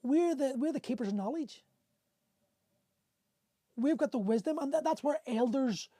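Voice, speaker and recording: A man in his forties talks earnestly to his live viewers, circling back and restarting his sentences as he goes. His voice is mellow and soft-edged. The sound is close and dry, with no room echo. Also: very high voice. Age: 40s. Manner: earnest and rambling, with many restarts, answering viewer comments. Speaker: host of a men's coaching livestream. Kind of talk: impassioned motivational talk to live viewers. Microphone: phone or webcam on a livestream.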